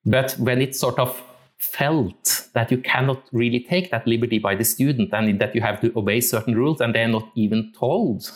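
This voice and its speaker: A Norwegian music teacher gives a reflective talk on musical interpretation, often pausing to search for the right words. His voice is medium in pitch and he speaks at a moderate pace.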